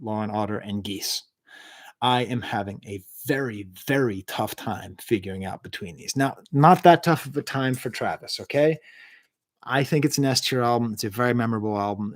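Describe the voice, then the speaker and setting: Enthusiastic, rambling male album reviewer. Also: medium pitch. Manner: enthusiastic, rambling, reads out live chat. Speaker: music review show host. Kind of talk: livestream album ranking chat. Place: at home.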